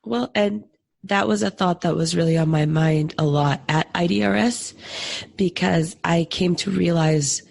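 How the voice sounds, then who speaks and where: A woman co-hosting a podcast, hoarse from illness, speaking reflectively in casual chat. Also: on the low side, unhurried, darkish tone. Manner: reflective, self-deprecating. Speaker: podcast co-host.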